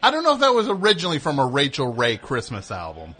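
A man's voice: mid-range voice, huge pitch swings, fast talker, bright, forceful tone, slightly rough. A man hosting a comedy call-in radio show, asking dry, incredulous questions. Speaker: host.

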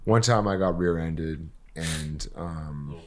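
A man's voice: a bass voice, slow. A man who is a guest on a podcast, chatting in a laid-back, agreeable way. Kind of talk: casual podcast chat.

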